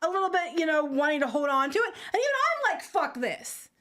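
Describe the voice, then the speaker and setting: A woman's voice: sits high, expressive, very fast, fairly bright tone. A woman co-hosting a casual podcast chat, ranting in a heated, profane, sarcastic way. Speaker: co-host.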